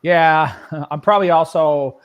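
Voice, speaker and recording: This man's voice is on the high side and clean in tone, and he takes his time. Speaking with an East Coast Canadian accent, he rambles casually on a livestream and laughs often.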